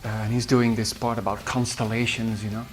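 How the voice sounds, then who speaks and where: A composer from the Netherlands, speaking with a Dutch accent, recalls his singers in an interview with faint guitar music in the background. His voice is fairly low and level in tone, a little fast, and his speech is hesitant with frequent fillers and restarts.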